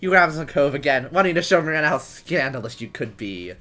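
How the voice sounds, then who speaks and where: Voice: mid-range voice, lively intonation, a little fast, sharp tone, soft background music. A host narrating an interactive story in second person, laughing now and then while reading.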